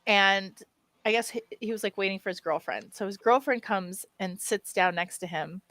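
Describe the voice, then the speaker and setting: Bright-voiced animated woman storyteller. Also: mid-range voice, moderate pace, no echo. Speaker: podcast co-host. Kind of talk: casual chat, storytelling.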